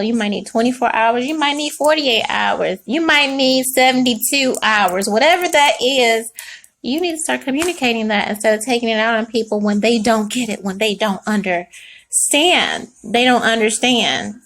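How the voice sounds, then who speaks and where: A woman giving a casual spoken tarot reading, chatty and animated, swearing freely and laughing often. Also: on the high side, normal speed. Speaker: tarot reader.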